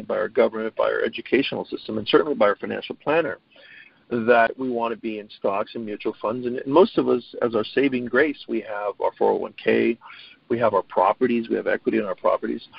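A middle-aged man with a gravelly, husky voice, speaking earnestly and often stumbling over his opening words. The sound is dry and dull, like lo-fi audio. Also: medium pitch, no echo. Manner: earnest, repeats words when starting sentences. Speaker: guest. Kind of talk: casual interview talk.

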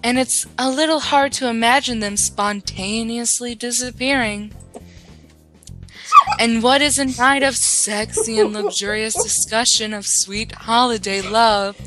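A woman voicing a suave, smooth-talking young male pigeon student, speaking low, slow and formal while reading game dialogue aloud. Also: fairly even intonation, music in the background, close to an everyday voice.

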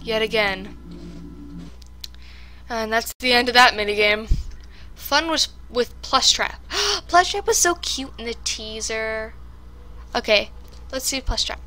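Bright-voiced woman narrating a horror game. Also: fairly high pitch, lively intonation, slow pace, pauses often. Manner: jittery, talks to viewers while playing a horror game. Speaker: gaming commentator. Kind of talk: casual let's-play commentary.

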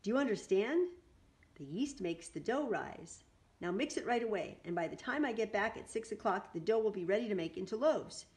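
A woman's voice: mid-range voice, animated, normal speed, darkish tone, natural voice. A woman voicing a demanding middle-aged male baker in a storybook, giving orders in a commanding way. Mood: instructing. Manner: bossy, commanding.

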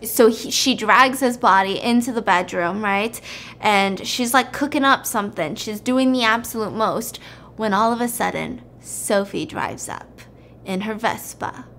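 A woman's voice: mid-range voice, measured pace, a little hiss or hum. A young woman hosting a show, casually and animatedly retelling a film plot in a chatty way. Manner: animated, chatty, acts out scenes. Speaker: host.

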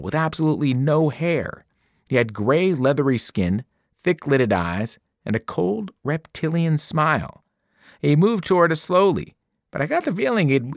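A man, a teacher, reading a novel aloud in expressive first-person narration. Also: a little high, dry recording, clean studio sound. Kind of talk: audiobook narration.

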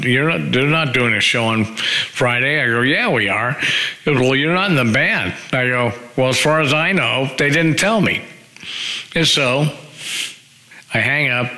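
Wry, rambling man in his sixties, bright voice. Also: medium pitch, poor audio. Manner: rambling, wry, acts out other people's lines in raised voices. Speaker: former rock band singer. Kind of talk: casual anecdotal storytelling.

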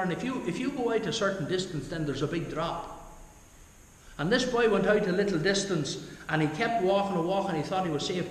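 A pastor leading a Bible study sermon, earnest, dropping low and soft at the end of each point, with homely asides to the congregation. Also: male voice. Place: church hall. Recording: echoey church hall, long reverb.

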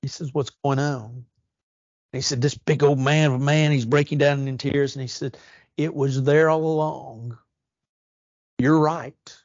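A man delivers a church sermon with earnest conviction, stretching key words slowly and lifting his voice for emphasis. His voice sits a little high, recorded close and dry with a slightly dull, muffled sound. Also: a little mellow, no room sound. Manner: earnest, rising emphasis and slow drawn-out stresses. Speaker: preacher.

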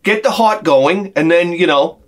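A middle-aged man ranting to camera as a vlogger, profane and sarcastic, dropping to mutters and then shouting his outbursts. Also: high-pitched, unhurried. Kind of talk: rambling comic rant to camera.

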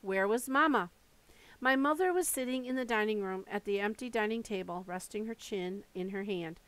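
A woman reading a first-person memoir aloud in a steady, measured way. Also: mid-range voice, no echo, poor audio. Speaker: audiobook reader.

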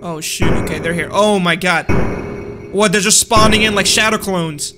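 High-voiced joking gamer man. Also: normal speed. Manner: joking, excitable, exclaiming. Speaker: gaming host. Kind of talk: let's-play commentary. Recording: game music behind.

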